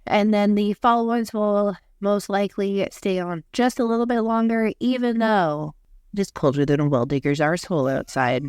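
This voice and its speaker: A young woman co-hosting a podcast in casual chat, talking in a flat monotone, hoarse after losing her voice. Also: medium pitch, moderate pace, no room sound, clean studio sound. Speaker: podcast co-host.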